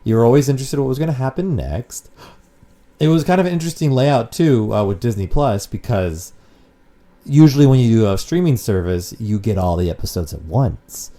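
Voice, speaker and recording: A man's voice: medium pitch, lively intonation, a little fast, dark tone. A man co-hosting a casual podcast, rambling and swearing freely as he chats. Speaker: podcast co-host.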